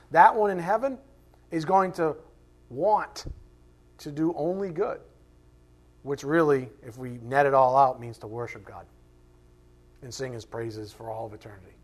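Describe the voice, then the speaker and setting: A man's voice: medium pitch, slightly rough. A man teaching a Bible class in a conversational way, asking rhetorical questions and acting out quoted voices. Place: classroom with a board.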